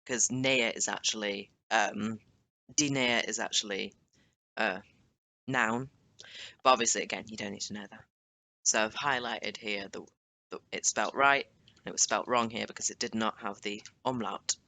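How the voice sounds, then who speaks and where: A man's voice: lowish voice, steady tone, normal speed, creaky, sharp tone. A young man teaching a language lesson in a chatty, casual way, explaining with asides and self-corrections. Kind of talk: casual screen-share lesson.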